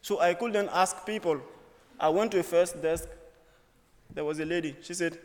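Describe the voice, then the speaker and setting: A man's voice: sits high, moderate pace. Young man telling a story in a reverberant hall. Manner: earnest, humorous storytelling in short phrases. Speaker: student speaker. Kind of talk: personal story speech. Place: auditorium.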